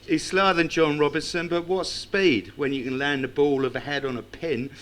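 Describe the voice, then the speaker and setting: A man's voice: on the high side, fairly even intonation, moderate pace, a bit bright. Wry man telling stories to a club crowd. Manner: wry, self-mocking storyteller. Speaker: speaker at a tribute evening. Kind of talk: anecdotes and recited tribute poem. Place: club function room with live audience.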